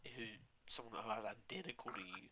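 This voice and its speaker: A man's voice: lowish voice, brisk, a crowd in the background. A man playing his character in a tabletop game, earnest and pleading for answers. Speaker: player. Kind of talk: in-character tabletop role-play.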